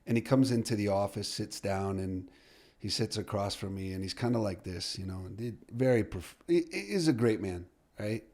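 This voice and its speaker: A middle-aged man, a soccer coach, telling a story as a podcast guest, lively and full of restarts as he acts out the dialogue. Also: on the low side, normal speed. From United States.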